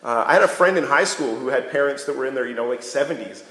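A man preaches a casual, conversational sermon in a mid-range, fairly bright voice at a quick pace. He jokes throughout and keeps checking in with "right?", his words echoing through a hall with long reverb.

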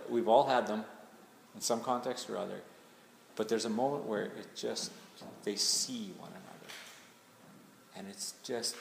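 A man, a pastor, preaching a sermon in a conversational, searching way, slowing down to lean on key words. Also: on the low side, gravelly, a little hiss or hum. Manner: conversational and searching, slows down for emphasis. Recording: echoey hall with faint ambience.

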